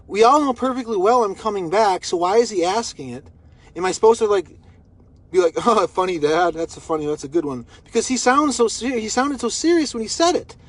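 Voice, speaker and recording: A man's voice: sits high, no room sound. A man recording a personal video message, rambling and repeating himself as he vents his frustration. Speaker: vlogger.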